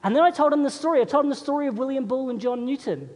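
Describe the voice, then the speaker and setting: A man's voice: very high voice, racing, a little mellow. A man, a pastor, preaching a sermon in a conversational, storytelling way and putting questions to his congregation. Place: church. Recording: long reverb of a large hall.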